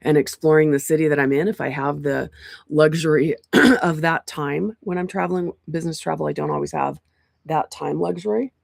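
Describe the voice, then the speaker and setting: A woman's voice: deep voice, fairly even intonation, a little fast, gravelly, a little mellow, no echo, clean studio sound. A woman hosting a community livestream from an outdoor porch, talking casually into a laptop mic with lots of ums and restarts. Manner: chatty, rambling, frequent ums and restarts. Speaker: community group host. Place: outdoor porch among pines. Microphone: laptop microphone.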